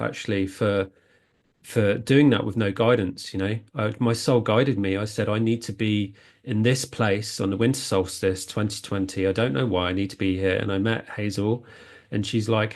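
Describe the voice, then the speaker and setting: A man talking earnestly as a spiritual healing coach, rambling and often restarting his sentences. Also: fairly low pitch. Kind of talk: casual spiritual talk.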